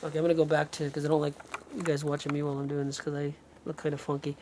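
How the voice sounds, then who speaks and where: A man's voice: a little high, completely flat delivery, rapid-fire, a little mellow, slight background noise. A man working as an energy healer, thinking aloud and breaking off mid-sentence as he runs a live remote healing session. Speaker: radio show host.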